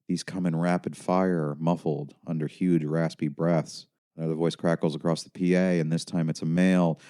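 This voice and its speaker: A man's voice: deep voice, little pitch movement, brisk, hardly any pauses, dark tone. A man narrating his own memoir in an intense, confessional manner. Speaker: author and narrator.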